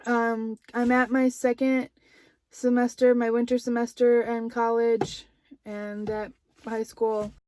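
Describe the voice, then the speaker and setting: A woman's voice: a little high, level tone, takes it slowly, dark tone, no echo. A young woman talking to her camera in a casual, rambling vlog with lots of fillers. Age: young adult. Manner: rambling, chatty, frequent fillers. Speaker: vlogger.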